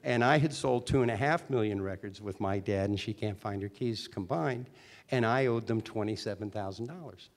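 A man in his sixties, a former teen singer and actor, telling animated anecdotes as an interview guest. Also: lowish voice, normal speed. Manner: chatty, animated, with restarts. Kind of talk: storytelling interview talk.

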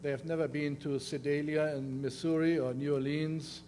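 An older man from Germany with a heavy German accent, a native German speaker giving a conference lecture in halting speech with many fillers and restarts. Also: on the high side, flat delivery, warm tone, slight background noise. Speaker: guest lecturer. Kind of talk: conference presentation.

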